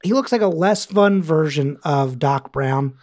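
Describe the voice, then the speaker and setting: A man's voice: on the high side, a little slow, darkish tone. A man co-hosting a podcast, chatting casually about a TV episode, rambling with lots of fillers. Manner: rambling, many fillers, acts out quotes. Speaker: podcast co-host. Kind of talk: casual chat recapping a TV episode.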